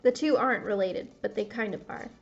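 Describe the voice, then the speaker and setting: A woman's voice: mid-range voice, fairly quick, soft background music. A young woman, rambling and swearing through a casual confessional vlog while gaming. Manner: rambling, swears often, self-interrupting. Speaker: vlogger. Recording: dull lo-fi audio.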